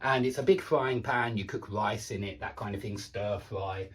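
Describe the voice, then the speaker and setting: A man with an English accent giving a casual pronunciation lesson, chatting as he thinks aloud and repeating sample words slowly. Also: on the low side, fairly bright tone, far from the mic, slight background noise.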